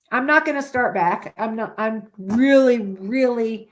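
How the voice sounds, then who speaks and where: Congested woman rambling candidly on stream. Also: on the high side. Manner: candid, rambling, swears freely. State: congested with a constant cold. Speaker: live-stream podcast host. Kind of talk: casual live-stream chat.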